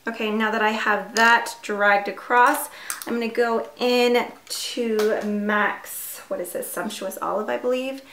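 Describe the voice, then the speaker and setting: A woman's voice: on the high side, steady tone, measured pace, fairly bright tone, a little hiss or hum. Chatty young woman in an echoey room. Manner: chatty, filler-heavy, self-deprecating. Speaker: beauty vlogger. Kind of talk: casual makeup tutorial chat.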